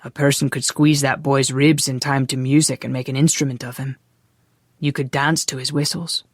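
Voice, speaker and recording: A narrator voicing a Scottish man who speaks softly and earnestly. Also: mid-range voice, little pitch movement, normal speed, no echo, clean studio sound, close to an everyday voice. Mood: wry. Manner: soft, earnest. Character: Scottish man, soft-spoken and pleading.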